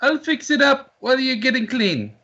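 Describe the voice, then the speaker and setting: A man voicing a blunt, fatherly tavern regular who speaks in a loud, barking way. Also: extremely high pitch, very animated, moderate pace, dull audio, full character voice. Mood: gruff.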